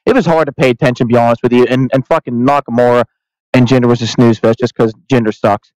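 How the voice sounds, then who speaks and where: A man's voice: medium pitch, steady tone, fast talker, a little mellow, dry recording, rough recording. A young man co-hosting a podcast, chatting casually, rambling with lots of restarts and swearing. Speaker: podcast co-host. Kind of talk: casual chat.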